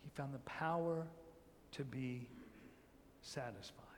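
A man preaching a sermon as pastor, swinging between hushed, drawn-out emphasis and loud, rising peaks, with repeated phrases and rhetorical questions. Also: mid-range voice, in a large hall, a little hiss or hum.

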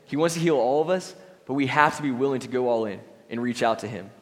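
A young man preaches a sermon in a relaxed, conversational tone, now and then slipping into short acted-out voices. His voice sits at a middle pitch. The sound carries a long reverb from a large hall. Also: quick pace. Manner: conversational, reads scripture aloud, acts out voices briefly. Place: church hall.

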